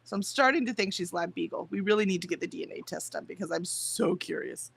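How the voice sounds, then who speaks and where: A woman's voice: fairly low pitch, fast, creaky, slight background noise. A woman chatting casually on a livestream, rambling about her morning and talking to her viewers. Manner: chatty, rambling, talks to chat and her dog. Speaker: livestream host.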